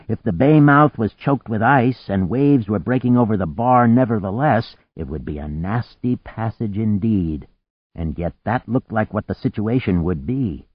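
Male narrator, scripted story reading, fairly low voice, lively pitch swings, slightly muffled dry recording. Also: dry recording. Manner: vivid, expressive reading that rises and sinks. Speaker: audiobook narrator.

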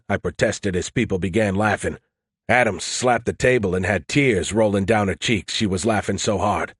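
Low-voiced man narrating an audiobook. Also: normal speed, slightly rough, no room sound, clean studio sound. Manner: wry, conversational. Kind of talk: first-person audiobook narration.

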